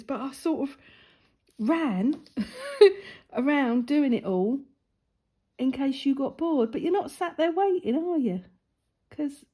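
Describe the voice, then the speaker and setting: A woman's voice: sits high, big pitch swings, slow, pauses often, mellow. A middle-aged woman, out of breath, chatting and laughing at herself as she colours. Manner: chatty, self-mocking, laughs often. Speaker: craft vlogger. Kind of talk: casual chat while colouring.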